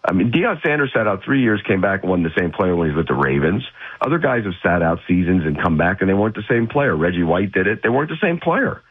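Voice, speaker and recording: A man's voice: deep voice, very animated, fast, breathy edge. A man speaking as a guest football analyst on sports radio, blunt, opinionated and emphatic, heard over a phone line.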